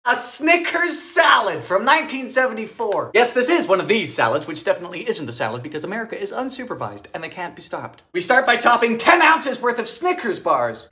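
A young man hosting a comedic baking video, wisecracking with theatrical shouts and squeals. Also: extremely high pitch, sing-song, fairly quick. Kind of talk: comedic recipe vlog.

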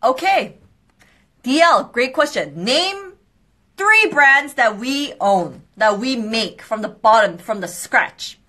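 A young woman hosting a live skincare quiz stream, bubbly and excitable, with quick apologetic asides. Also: fairly high pitch. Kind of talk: casual live-stream chat.

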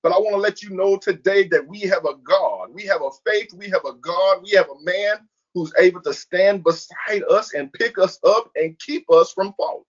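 A man with a high voice delivers a sermon as pastor, repeating his key lines again and again. His words stretch out in a slow preaching cadence. The recording sounds dull and lo-fi. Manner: repeats key phrases for emphasis.

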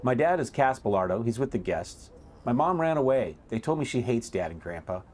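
A sad, serious little girl in fancy clothes, read aloud by a man in his own voice. The lines come out quiet and subdued at a medium pitch. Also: sing-song, brisk, slight background noise, natural voice.

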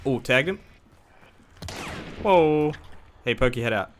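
A man streaming a multiplayer game, laughing often and swearing loudly as the action swings. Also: mid-range voice, animated, slow pace, a little hiss or hum. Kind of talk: casual gaming stream chat.

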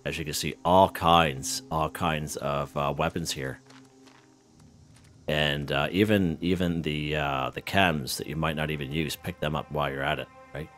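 A man with an extremely deep, low voice talks through his gameplay in a loose, rambling way, chuckling between thoughts. Faint music plays underneath him. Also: moderate pace. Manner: relaxed, chuckling, lots of fillers and restarts. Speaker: gaming channel host. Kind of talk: casual gameplay commentary.

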